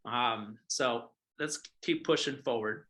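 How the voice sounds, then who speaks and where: Bright-voiced realtor coaching agents. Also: male voice, medium pitch, slow pace, rough recording. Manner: conversational, keeps checking in with "all right?" and "right?"; frequent fillers and restarts. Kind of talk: casual training talk.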